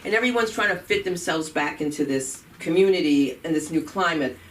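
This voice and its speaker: A woman's voice: deep voice, expressive, a little fast, far from the mic, a little hiss or hum. A woman hosting a live comedy show, chatting casually with some swearing, then giving announcements and bringing up a comedian. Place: comedy club stage.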